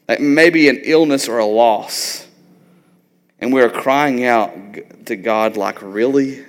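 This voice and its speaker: A man's voice: medium pitch, slow pace, smooth, big-room sound. A man in his thirties preaching a sermon in a loose, conversational way, often tagging on "like" and "right?". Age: 30s. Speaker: pastor.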